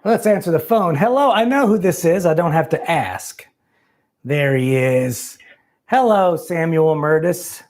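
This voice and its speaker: A man's voice: on the high side, unhurried, a little mellow. A man hosting a live call-in show, loose and rambling, laughing easily with callers. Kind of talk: casual chat.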